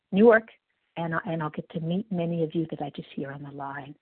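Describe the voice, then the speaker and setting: A woman wrapping up her share at a recovery meeting on a phone line, soft-spoken and slightly stumbling. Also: sits low, fairly even intonation, fairly quick, husky, dry recording. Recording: dry tinny phone line.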